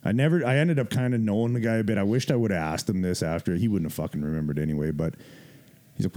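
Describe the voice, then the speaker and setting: Male podcast host, low and dark tone, profane, animated storyteller. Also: fast. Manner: profane, laughing, animated retelling with quoted voices. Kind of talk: casual storytelling.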